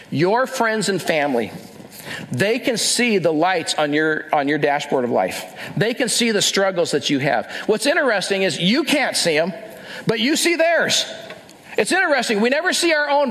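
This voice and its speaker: A man with a high voice preaches a sermon in an easy, conversational way. He keeps asking the listeners questions and slips into short acted-out quotes. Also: a bit bright. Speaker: pastor.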